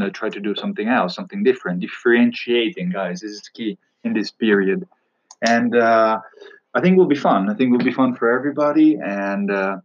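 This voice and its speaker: Italian accent guy, lowish voice, podcast chat full of ums and restarts, muffled lo-fi sound. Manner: hesitant, many fillers and restarts. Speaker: podcast host. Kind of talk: casual podcast monologue. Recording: dull lo-fi sound.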